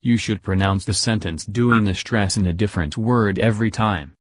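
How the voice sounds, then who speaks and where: A man narrating a scripted English pronunciation lesson in a measured, instructive way. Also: fairly low pitch, dry recording, clean studio sound.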